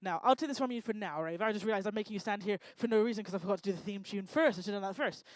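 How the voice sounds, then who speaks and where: A woman doing lively, teasing crowd work on a live talk stage, speaking into a handheld microphone. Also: mid-range voice, no room sound. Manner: energetic, teasing, bossy and quick to joke. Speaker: stage performer working the crowd.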